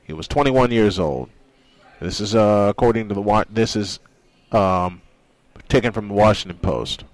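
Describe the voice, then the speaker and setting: A man's voice: on the low side, normal speed, dry recording, poor audio. A man hosting a sports radio show, speaking earnestly in a monologue and reading quotes aloud.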